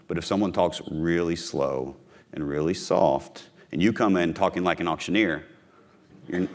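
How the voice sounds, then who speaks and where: A man with a lowish voice delivers a live conference speech on sales. He talks in short, punchy lines, hammers his key phrases again and again, and addresses the crowd directly. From Missouri, USA. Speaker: podcast host giving a sales talk.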